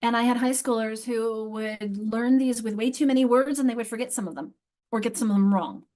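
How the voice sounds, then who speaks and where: This middle-aged woman talks fairly quickly in a dark-toned voice that runs on the high side. Leading a live online teacher training as a literacy instructor, she speaks through a video call mic, stressing explanations and repeating key words.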